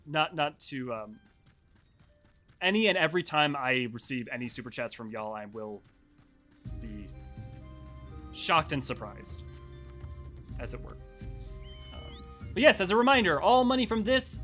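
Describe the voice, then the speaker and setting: A man streaming a game and chatting casually about its lore, animated and self-deprecating, quick to react to his viewers. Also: on the high side. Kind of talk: casual live-stream commentary.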